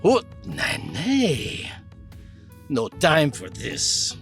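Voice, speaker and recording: A man's voice: on the high side, wildly swooping pitch, extremely slow, fairly bright tone, soft background music, voice pushed up, full character voice. A man voicing a big, nasty older male thug with a Ukrainian accent, speaking with fierce, hissing menace. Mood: menacing. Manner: hissing, fierce, spitting threats.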